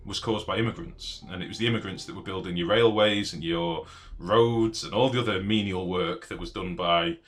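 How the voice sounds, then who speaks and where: Sharp-voiced ranting British man. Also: deep voice. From Britain. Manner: blunt, profane, ranting. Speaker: game streamer. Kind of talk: live stream chat, reading and answering viewers.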